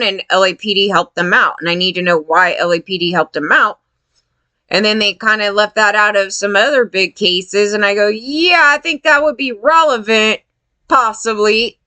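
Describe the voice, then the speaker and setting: A woman's voice: mid-range voice, no room sound. A woman talking in a casual, rambling way, often laughing and acting out what others said. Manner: rambling, animated, laughs often, quotes people in voices.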